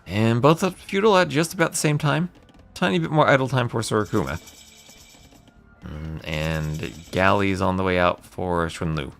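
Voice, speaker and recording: A man's voice: fairly low pitch, normal speed, vocal fry, fairly bright tone, faint music behind. A man casting a live strategy game match, calling plays and chatting with viewers between fights. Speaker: esports caster.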